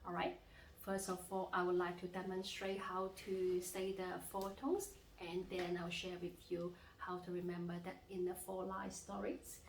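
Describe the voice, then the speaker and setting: A young woman teaching a language lesson as a tutor, pausing to demonstrate tones with long drawn-out sung vowels. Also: on the low side, monotone, roomy sound, slight background noise, low-quality recording. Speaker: Mandarin and Cantonese tutor.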